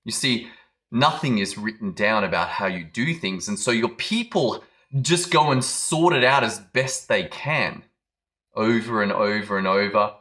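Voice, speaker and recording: Low, bright-voiced male business coach. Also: lively intonation, measured pace. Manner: dramatic storytelling, acts out quoted lines. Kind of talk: motivational talk to camera.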